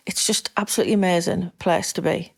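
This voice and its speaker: A woman's voice: on the low side, fairly even intonation, fast, creaky. A middle-aged woman with a Northern English accent, a podcast guest chatting candidly and rambling a little, laughing easily. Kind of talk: casual interview chat.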